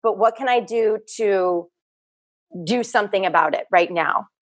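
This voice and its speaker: A woman's voice: medium pitch, unhurried. A woman in her thirties, a guest on a podcast, talking earnestly and reflectively in casual chat. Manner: earnest, reflective, repeats herself. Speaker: guest, fitness business owner.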